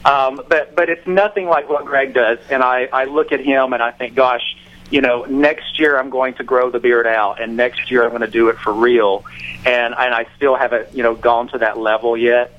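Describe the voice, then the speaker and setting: A man's voice: mid-range voice, steady tone, normal speed, lo-fi sound. Hesitant Southern man calling in. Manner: hesitant, many fillers and restarts. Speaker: caller. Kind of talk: casual chat on a radio call-in.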